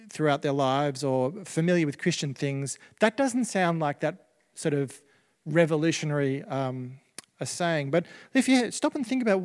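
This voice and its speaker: A man's voice: fairly high pitch, big-room sound. A man preaching a sermon as pastor, conversational, with many fillers and restarts.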